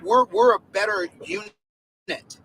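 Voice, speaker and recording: A man's voice: sits high, slow pace, a bit bright, a little hiss or hum, low-quality recording. A man in a played clip giving a repetitive, stumbling rallying monologue to his followers.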